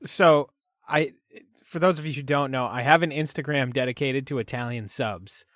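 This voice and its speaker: A man's voice: medium pitch, normal speed, a bit bright, dry recording, studio quality. A man co-hosting a casual podcast, chatting loosely with plenty of fillers and frequent laughs. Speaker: podcast co-host. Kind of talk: casual chat.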